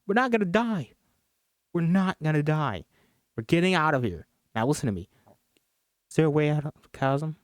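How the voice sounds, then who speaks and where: A man doing a panicked young hero, shouting. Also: a little high, brisk, pauses often, dry recording, studio quality, voice pushed up, natural voice. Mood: urgent. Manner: loud, urgent, raised voice.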